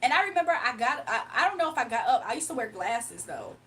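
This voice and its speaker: A young woman livestreamer telling a story to her chat in an animated, chatty way with asides. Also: on the high side, fast, recorded from a distance, slight background noise, low-quality recording. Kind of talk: casual storytelling to a live chat.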